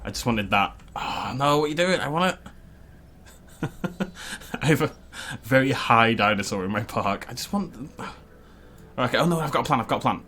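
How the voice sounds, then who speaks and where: A man's voice: medium pitch, expressive, normal speed, pauses often, pushed and bright. A young man from Wales, hosting a casual let's-play, rambling and joking with frequent laughs. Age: young adult. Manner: rambling and jokey, laughs often. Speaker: gaming video host.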